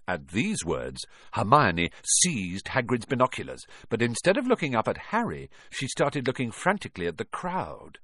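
A man reading a storybook aloud, dramatic and expressive. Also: mid-range voice, normal speed, few pauses, breathy edge, dry recording, studio quality. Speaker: audiobook narrator. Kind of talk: storybook narration.

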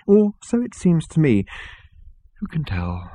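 Man voicing a vague gentle hermit, soft musing, husky, dry close sound. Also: a little high, wildly swooping pitch, a little slow, no echo, pitched above the performer's own voice, full character voice. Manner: mild, musing, softly questioning.

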